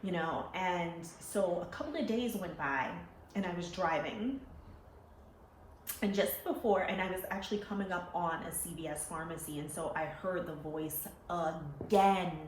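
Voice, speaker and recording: A young adult woman telling a personal story in a lively, animated way. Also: lowish voice, unhurried, slight background noise. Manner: animated, laughing, acting out quoted voices. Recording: roomy echo with faint ambience.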